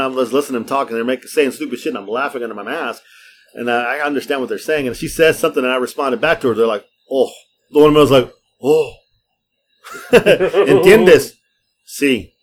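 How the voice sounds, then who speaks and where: A middle-aged man hosting a podcast, telling rambling stories in casual, profane chat. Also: medium pitch. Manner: profane, lively storytelling. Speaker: podcast host. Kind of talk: casual storytelling.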